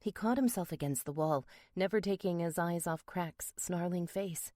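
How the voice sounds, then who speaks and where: A woman narrating a first-person romance audiobook in a steady, measured way. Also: fairly low pitch, no echo, clean studio sound.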